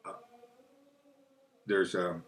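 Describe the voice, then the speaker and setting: A man talking in a rambling monologue, often losing his thread and asking questions aloud, then answering them himself. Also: drawn-out words. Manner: rambling, loses track, asks dowsing questions aloud. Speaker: spiritual video host.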